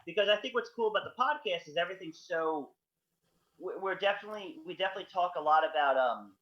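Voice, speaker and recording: A man's voice: high-pitched, animated, fast, fairly bright tone. A man co-hosting a podcast, talking in a rambling, enthusiastic casual chat full of fillers. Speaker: podcast co-host. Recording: dull lo-fi stream audio.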